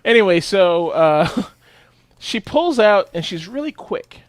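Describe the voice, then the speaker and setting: A man co-hosting a casual podcast, telling a profane, animated story and jumping his voice up for the punchlines. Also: high-pitched, slow pace, no room sound. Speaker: podcast co-host.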